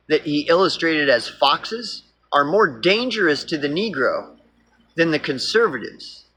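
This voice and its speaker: A man's voice: a little high, bright, forceful tone, husky. A man with an Oklahoma accent, rambling through a profane, casual political monologue.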